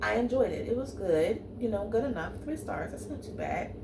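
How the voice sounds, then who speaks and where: A woman's voice: mid-range voice, expressive, normal speed, background noise. A woman book vlogger in casual, chatty talk with sassy asides, at home. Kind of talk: casual chat.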